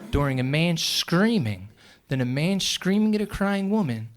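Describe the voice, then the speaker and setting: A young man doing a stand-up set on a club stage, telling stories in a quick, conversational way. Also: a little high, big pitch swings, a faint crowd. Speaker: stand-up comedian. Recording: live club recording with audience noise.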